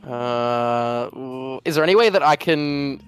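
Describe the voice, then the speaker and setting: A man's voice: mid-range voice, slow, clean tone, dry recording, soft background music. A man playing a tabletop game, hesitant and fumbling for words as he decides what to do. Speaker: player. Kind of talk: casual tabletop play.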